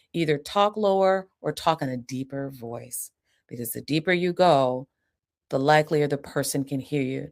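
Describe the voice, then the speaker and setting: A woman psychiatrist teaching on a live stream in a low, gravelly voice. She speaks calmly and deliberately, modeling the soothing phrases she recommends. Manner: calm, deliberate coaching with demonstrated calming phrases.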